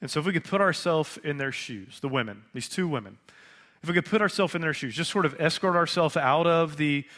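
A man preaching a conversational sermon, asking rhetorical questions and pausing for effect. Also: on the high side, animated, a bit bright. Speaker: pastor.

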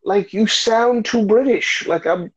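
An American man hosts a loose, joking chat about video games. His voice sits a bit high for a man and carries an upbeat, teasing energy despite the late hour. The audio is dull and lo-fi. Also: a little slow, husky. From United States. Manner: joking, hyped, tired late-night banter. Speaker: podcast host. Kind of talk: casual gaming chat.

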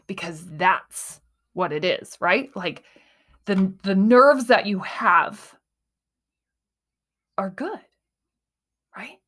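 A young adult woman hosting a solo podcast in a casual, animated way, acting out her inner voices and often asking "right?". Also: lowish voice, slow, pauses often. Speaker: podcast host.

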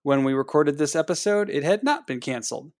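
A man's voice: a little high, expressive, fairly quick, a little mellow, dry recording, clean studio sound. A man from Ohio co-hosting a podcast, chatting casually with lots of fillers and restarts. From Ohio, USA. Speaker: podcast co-host. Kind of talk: casual chat.

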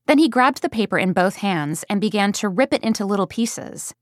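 A woman's voice: medium pitch, expressive, brisk, no echo, close to an everyday voice. A mother recounts a story about her young son in a plain, conversational way, as read by a woman. The recording is dry and close. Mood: storytelling. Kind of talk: audiobook first-person reading.

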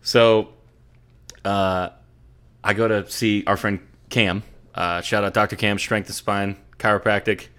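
Casual, low-voiced man telling fan stories. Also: level tone, unhurried, pushed and bright, clear, resonant tone. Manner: profane, rambling storyteller. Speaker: podcast host. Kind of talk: casual chat.

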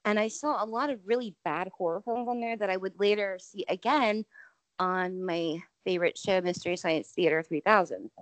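A woman's voice: mid-range voice, normal speed, no room sound, low-quality recording. A woman in her forties on a panel, chatting casually and filling her sentences with lots of "you know.".

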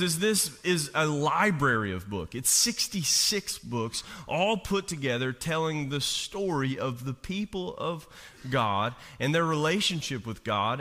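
A man's voice: a little high, bright, forceful tone. A male pastor preaching a sermon in a church, talking to the congregation with rhetorical questions and acting out quoted voices. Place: church sanctuary. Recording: long hall reverb.

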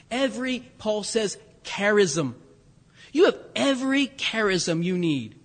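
A middle-aged man preaching a sermon, conversational and animated, with asides and fillers. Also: sits high, a little slow, big-room sound. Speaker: pastor.

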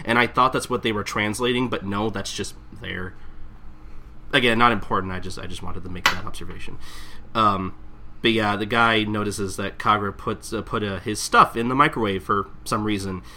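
A man's voice: on the low side, steady tone, normal speed, pushed and bright, slight background noise. A man hosting a podcast, recapping a manga in casual chat and acting out characters in exaggerated voices. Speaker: podcast host.

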